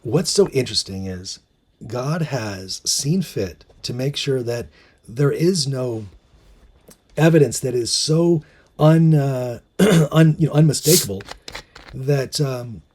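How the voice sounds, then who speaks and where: A man's voice: mid-range voice, takes it slowly, a little mellow, husky. A man hosting a casual monologue, musing with many fillers and restarts and reading out bits of articles. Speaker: host.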